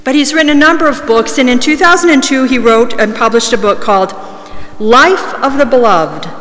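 Woman preaching in a bright, echoing church. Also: high-pitched, lively intonation. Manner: measured, slows down to stress key words. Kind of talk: sermon. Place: large church. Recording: long reverb of a large church.

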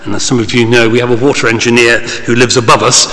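A man's voice: medium pitch, flat delivery, fast, bright, forceful tone, big-room sound. A man preaching a sermon in a conversational way, with small asides and fillers. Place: church.

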